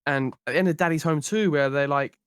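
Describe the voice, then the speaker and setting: A man co-hosting a podcast, telling a story in a chatty, animated way into a close microphone. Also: a little high, quick pace, smooth, no room sound. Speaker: podcast co-host. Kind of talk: casual podcast chat.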